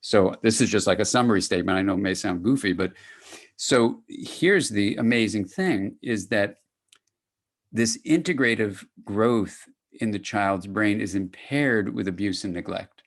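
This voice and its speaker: An older man giving a conversational academic lecture to clinicians, lively and acting out little dialogues. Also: unhurried. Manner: animated, conversational, acts out dialogues with rising pitch.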